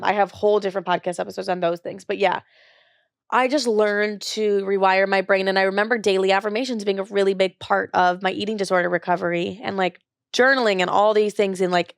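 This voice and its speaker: A woman's voice: medium pitch, steady tone, a little fast, vocal fry, dry recording, studio quality. A young woman in her twenties hosting a podcast, telling her own story in a candid, confessional way, with many casual fillers. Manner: candid, confessional, says "like" often. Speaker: podcast host. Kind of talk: personal storytelling.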